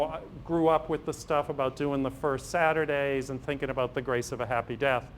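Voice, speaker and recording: A man's voice: medium pitch, a little hiss or hum. A middle-aged man, a priest and physician giving an anecdotal parish talk and acting out dialogues with humor. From Massachusetts, USA. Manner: storytelling, acts out dialogues with humor. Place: parish hall.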